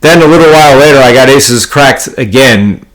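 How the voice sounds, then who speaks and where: A man's voice: mid-range voice, moderate pace, fairly bright tone. Blunt, foul-mouthed man ranting about poker. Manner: profane, blunt, exasperated ranting; poker jargon, rambling restarts. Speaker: poker player vlogger. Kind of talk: casual storytelling monologue.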